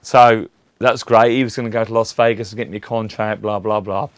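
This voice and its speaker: A man's voice: lowish voice, fairly even intonation, a little fast, no room sound. A middle-aged man, telling rambling anecdotes in a casual interview and acting out the voices of the people in them. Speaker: interview guest, tribute act for a famous singer.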